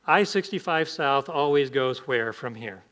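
A man's voice: mid-range voice, animated, measured pace, a bit bright. A man pastor preaching an emphatic sermon, asking the congregation rhetorical questions.

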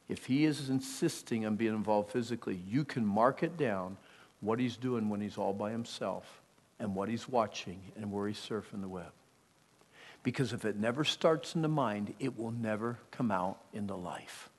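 A middle-aged man preaching a sermon, emphatic, moving from hushed, intimate lines to loud bursts, with storytelling asides. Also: lowish voice, normal speed, long reverb tail. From Pennsylvania.

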